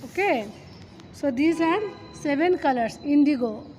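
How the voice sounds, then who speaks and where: A woman teacher, reading a children's poem aloud and then explaining it step by step, often pausing to address the children. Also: sits high, expressive, darkish tone, slight background noise. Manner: reads slowly, then explains step by step with frequent "okay" and "children". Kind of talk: classroom poem lesson.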